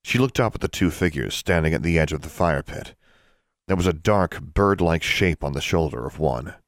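A man narrating fantasy fiction aloud in an expressive storytelling manner, close to the mic. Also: very deep voice, normal speed, no room sound. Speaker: audiobook narrator.

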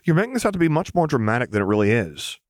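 A man's voice: mid-range voice, sing-song, rapid-fire, no room sound, clean studio sound, pitched above the performer's own voice, natural voice. Give me a man playing an upbeat, mischievous young man, raised and light in tone, in a storybook reading. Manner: bright, breezy, teasing delivery.

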